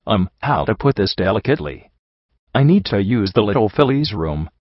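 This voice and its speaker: A man's voice: fairly low pitch, sing-song, moderate pace, no echo. Blackjack, a nervous awkward pony mare, read by a man. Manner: nervous, hesitant. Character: anxious young female pony, awkward and self-conscious. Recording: dry, slightly dull home recording.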